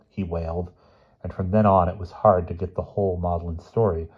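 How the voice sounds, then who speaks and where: Low husky man reading a story. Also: steady tone, normal speed, lo-fi sound. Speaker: audiobook reader. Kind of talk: reading a short story aloud.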